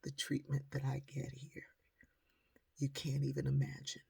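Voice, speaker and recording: A woman voicing a humble older man who softly gives thanks, in a husky, breathy voice. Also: very deep voice, monotone, a little slow, distant mic, full character voice. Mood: grateful. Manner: soft, hushed, bowing thanks. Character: grateful older man, humble and soft-spoken.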